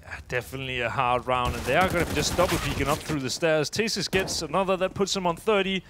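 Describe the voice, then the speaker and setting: A man's voice: fairly high pitch, fast, background noise. Chatty man commenting a live esports match. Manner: chatty, laughs easily, thinks aloud mid-sentence.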